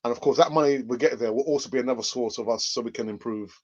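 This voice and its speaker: A man hosts a casual live stream for a fan channel, joking, laughing a lot, and reading viewer comments aloud. His mid-range voice is fast and slightly rough, picked up by a dull lo-fi mic.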